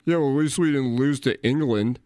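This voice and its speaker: A man's voice: mid-range voice, normal speed, mellow, dry recording, clean studio sound, close to an everyday voice. A man mocking a smug older man. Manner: mocking put-on voice.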